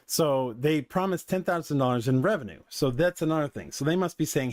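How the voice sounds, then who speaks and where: A man's voice: a little high, lively intonation, a little fast, hardly any pauses, darkish tone, no room sound, studio quality. A man who coaches businesses, giving casual, digressive commentary with lots of fillers. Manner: conversational, digressive, filler-heavy.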